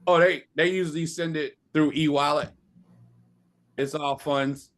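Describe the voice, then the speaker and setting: A middle-aged man runs a sales training session over a video call, giving an emphatic, coaching motivational talk. He drills his listeners with call-and-response lines. His voice is a little high, steady in tone, fairly bright, and a little slow.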